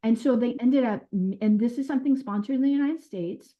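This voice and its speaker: A woman who was a caseworker, telling her experiences in an interview in an earnest, animated way with quoted dialogue. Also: fairly high pitch, fairly quick. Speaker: former caseworker. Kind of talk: recounting stories in an interview. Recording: dull lo-fi sound.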